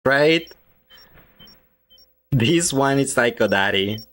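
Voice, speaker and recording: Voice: medium pitch, lively intonation, slow, a bit bright. A game streamer chatting casually with viewers, reading chat aloud and giggling often.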